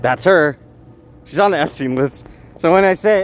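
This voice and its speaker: A man rambling in a street vlog, laughing and breaking into shouted bursts. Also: a little high, brisk. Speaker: vlogger. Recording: faint street noise outdoors.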